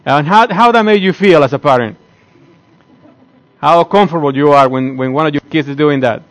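A man's voice: on the high side, moderate pace, rough recording. A man giving an earnest, conversational morning talk to his community, often asking the listeners questions. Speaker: speaker addressing his community.

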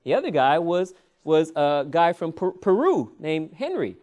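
A male preacher telling a personal story in a sermon, animated and often laughing, drawing "Amen" responses. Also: on the high side, unhurried.

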